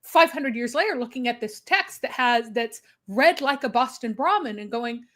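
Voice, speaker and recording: Emphatic woman, higher voice. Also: expressive, a bit bright. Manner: emphatic, explanatory, quick asides. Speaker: co-host. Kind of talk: casual live discussion.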